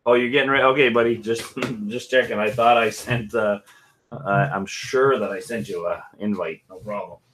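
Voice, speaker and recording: A man's voice: fairly low pitch, normal speed, slight background noise. Rambling, jokey man chatting about whisky. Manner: rambling, jokey, loud laughs. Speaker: whisky channel host. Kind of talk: casual live chat.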